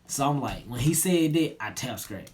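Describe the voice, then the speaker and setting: A young man tells a story in an easygoing, slangy way. His voice sits at an ordinary pitch. His sentences often sink low and soft at the end. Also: lively intonation, normal speed. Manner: laid-back slangy retelling, drops low and quiet at line ends. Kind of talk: casual storytelling.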